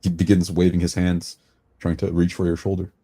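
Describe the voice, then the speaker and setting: A man narrating a tabletop game as game master, descriptive and deliberate. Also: low-pitched, completely flat delivery, mellow, breathy edge.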